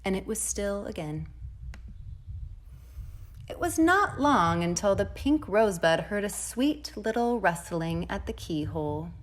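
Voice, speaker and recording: A woman preschool teacher reads a storybook aloud to young children. Her gentle, expressive delivery rises and falls with lively pitch, and she drops to a soft hush for sound effects. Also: unhurried.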